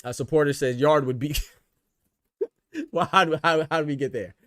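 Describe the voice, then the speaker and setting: A man's voice: fairly high pitch, normal speed, a bit bright, dry recording, clean studio sound. A man hosting a casual livestream, arguing his points and answering chat, repeating phrases to press them home. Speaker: boxing talk show host.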